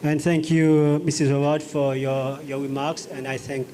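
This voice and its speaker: A man acting as master of ceremonies in a hall, speaking softly and trailing off. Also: fairly high pitch, completely flat delivery, measured pace. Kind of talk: event hosting. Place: church hall. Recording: hall recording with clear background noise.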